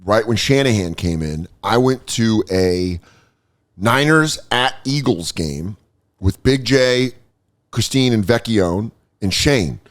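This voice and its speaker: A man's voice: fairly low pitch, slow. A man in his thirties hosting a podcast, chatting casually and telling stories in a profane, riffing way. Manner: profane, riffing, animated storyteller. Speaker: podcast host. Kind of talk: casual comedic chat.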